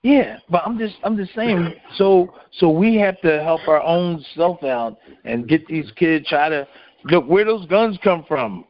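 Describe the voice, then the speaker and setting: An older man calling in to a radio show, talking earnestly and haltingly, repeating himself. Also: on the high side, expressive. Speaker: caller. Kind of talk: casual call-in radio chat. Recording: muffled phone-in audio.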